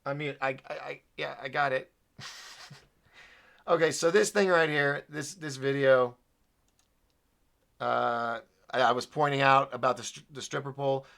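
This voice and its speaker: A man's voice: medium pitch, steady tone, measured pace, gravelly, pauses often, a bit bright. A man hosting his own live show alone, rambling and apologetic as he vents his frustration to viewers. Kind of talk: solo live-stream talk.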